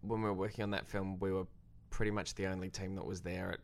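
Speaking quickly in a creaky voice, a young Australian filmmaker appears as a guest and tells a story in casual chat. He's animated and self-deprecating, and his pitch jumps whenever he quotes someone.

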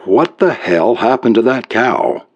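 A stern trooper sergeant, put on by a male reader, gruff and official, his pitch moving widely. The recording sounds dull and lo-fi. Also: very animated, measured pace, heavily acted.

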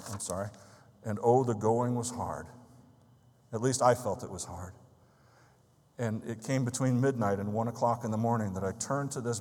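A man's voice: lowish voice, darkish tone, long reverb tail. A man preaching a sermon, telling a story in an earnest, emphatic way.

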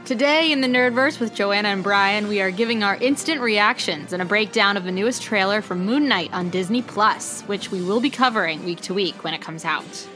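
A woman's voice: medium pitch, brisk, few pauses, a bit bright, faint music behind. A woman co-hosting a podcast in casual chat, playful and giggly, often restarting her sentences. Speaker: podcast co-host.

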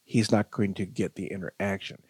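A man's voice: low voice, fairly even intonation, normal speed, darkish tone, husky, no echo. A man who trains dogs, a guest on a podcast, explaining behavior patiently with everyday examples. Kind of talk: podcast interview.

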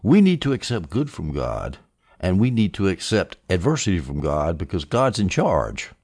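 A man teaching a Bible passage as a preacher, animated, with sarcastic asides and swings between loud and hushed delivery. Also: deep voice, normal speed.

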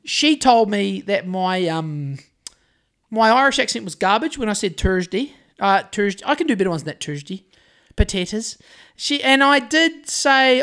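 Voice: medium pitch, fairly bright tone. A podcast co-host with a New Zealand accent, chatting in a rambling, joking way full of fillers and restarts. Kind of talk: casual banter.

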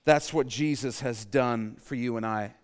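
A man's voice: mid-range voice, unhurried. Dynamic male preacher in a reverberant hall. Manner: dynamic, swings from loud emphatic to hushed; calls for audience response. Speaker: pastor. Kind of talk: sermon.

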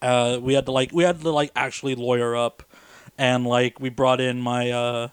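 A man's voice: medium pitch, level tone, moderate pace, clean tone, no room sound. A young man co-hosting a podcast, telling a story in a casual, profane way and laughing often. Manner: laughs while telling stories, profane and wry. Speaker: podcast co-host.

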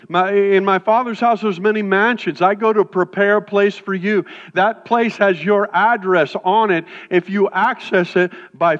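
High voiced pastor guy preaching, chatty with quick asides, big echoey church. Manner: conversational, animated, breaks off with quips. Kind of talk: sermon. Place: church sanctuary. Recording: dull sound in a reverberant hall.

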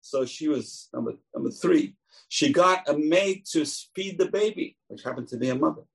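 A man's voice: fairly high pitch, moderate pace, vocal fry, slightly rough, rough recording. A man teaching a Torah lesson as a rabbi, telling stories and acting out the voices in them. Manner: animated teller, acts out quoted voices.

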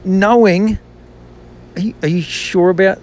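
A man's voice: a little high, normal speed. A man, a business owner and former banker, telling a personal faith story in a candid, self-deprecating and reflective way.

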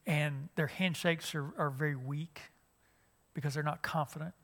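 A man's voice: a little high, fairly even intonation, normal speed, a bit bright. A middle-aged man, a youth minister giving a conversational church lesson with many fillers and restarts.

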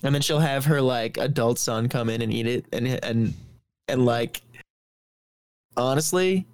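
A man in casual podcast banter, rambling and swearing freely with plenty of fillers. His pitch sits in a middle range and the recording is dry and close, with no room echo. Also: a little slow, a little mellow, clean tone. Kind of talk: casual chat.

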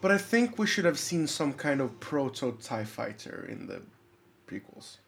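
A man's voice: mid-range voice, very animated, normal speed, gravelly, slight background noise. A man chatting casually and enthusiastically, rambling a little as he talks. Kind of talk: casual chat.

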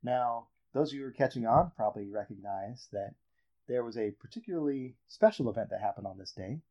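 A man hosts a laid-back sports podcast conversation, speaking fairly quickly in a mid-range voice over dull, lo-fi audio. He spins a story with dramatic build-up, animated and working toward his reveals.

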